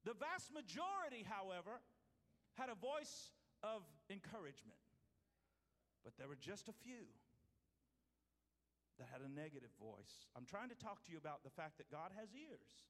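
A male pastor preaching a sermon, swinging from loud to hushed. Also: sits high, very animated, moderate pace, pauses often. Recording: hall reverb.

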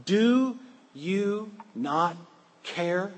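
A man's voice: high-pitched, lively intonation, extremely slow, voice pushed up, exaggerated voice. A man voicing Martha, a flustered, overworked woman hostess who complains in an exasperated, pleading way. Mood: indignant.

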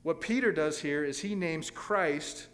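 A man's voice: a little high, a little slow, fairly bright tone, big-room sound. A male pastor preaching a sermon, telling a scripture story dramatically with sudden swells of emphasis.

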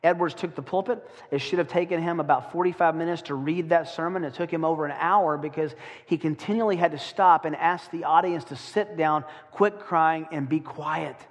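A man preaching a sermon to his congregation, with dramatic slowdowns when he reads aloud. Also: on the high side, long reverb tail. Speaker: pastor.

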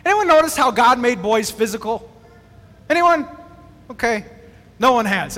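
High, bright-voiced man preaching in a hall. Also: normal speed, long pauses. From Wisconsin, USA. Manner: animated, conversational, acts out quotes. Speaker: pastor. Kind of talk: sermon. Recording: long reverb from a large hall.

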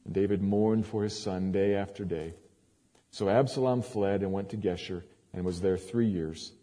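A man preaching, reading scripture aloud in a measured, emphatic way with sudden rises. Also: sits low, mellow. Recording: long hall reverb.

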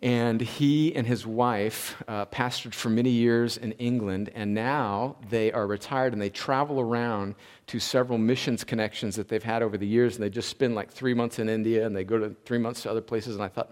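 A man, preaching a sermon as a pastor. He builds to emphatic peaks and then drops into quieter, conversational asides. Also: medium pitch, fairly even intonation, a little fast. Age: 40s. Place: church sanctuary.

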